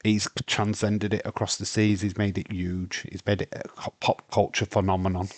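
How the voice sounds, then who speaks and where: A man's voice: fairly low pitch, little pitch movement, normal speed, dry recording. A British man from the UK talking casually and bluntly as the host of a live watch-along stream, rambling with many fillers and some swearing. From United Kingdom.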